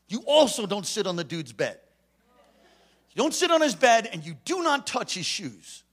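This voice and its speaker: Brief: male preacher, animated storyteller, bright and high in pitch. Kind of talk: sermon.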